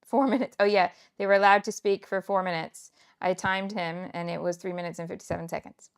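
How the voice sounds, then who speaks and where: A Kansas woman hosts a scrapbooking livestream, chatting casually, laughing often, and musing aloud as she crafts. Her voice is fairly low and smooth, with fairly even intonation and a slightly quick pace.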